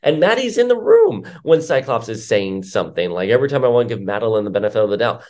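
A man's voice: medium pitch, sing-song, fast talker, a little mellow. A man giving casual, opinionated commentary as a comic book reviewer, rambling with filler words.

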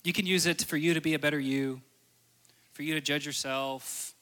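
A man with a highish voice and a sharp tone preaches a sermon built around stories, at a moderate pace with fairly even intonation. He is earnest and repeats phrases for emphasis.

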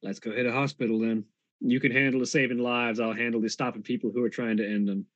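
A brash, teasing man playing in a tabletop roleplaying game. His middle-pitched voice is recorded very dry, and the sound is slightly dull. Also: level tone, fast, dry recording. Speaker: player. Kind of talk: casual chat.

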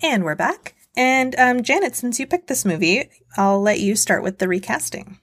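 A woman's voice: on the high side, animated, normal speed, a bit bright, dry recording. A woman co-hosting a casual podcast, easygoing with brief reactions. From Ireland. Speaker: podcast co-host. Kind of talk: casual chat.

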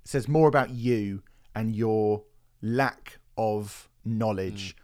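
A man's voice: on the low side, slow pace, a little mellow. A man hosting a podcast, chatting casually and animatedly, swearing and mocking critics in quoted voices. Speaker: podcast host.

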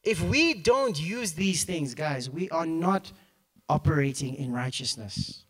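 A man's voice: on the high side, measured pace, slightly rough, no room sound, recorded from a distance. A man preaching a sermon at a church service, telling a story and acting out the quotes with plenty of laughter. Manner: animated, acts out quotes, laughs often.

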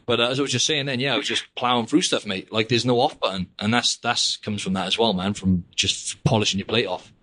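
A man's voice: lowish voice, steady tone, quick pace, few pauses, bright, forceful tone. A young man hosting a podcast in casual, rambling chat, peppering his talk with "mate" and "like". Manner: chatty, rambling, drops "mate" and "like" constantly. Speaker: podcast host.

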